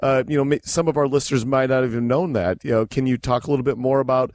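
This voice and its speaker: A man hosting a podcast, asking questions in a polite, measured way. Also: mid-range voice, steady tone, darkish tone. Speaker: podcast host. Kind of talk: interview questions.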